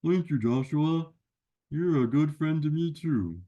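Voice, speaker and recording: A man's voice: fairly high pitch, measured pace, warm tone, highs cut off, lightly acted. A man voicing a cheerful, chatty sidekick puppet who keeps butting in with eager, friendly remarks. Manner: eager, friendly, pops in uninvited.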